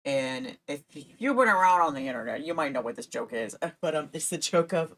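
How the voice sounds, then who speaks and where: A woman's voice: sits low, expressive, a little fast, a bit bright. A young woman streaming, chatting casually and laughing often as she tells stories. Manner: giggly, laughs often while storytelling.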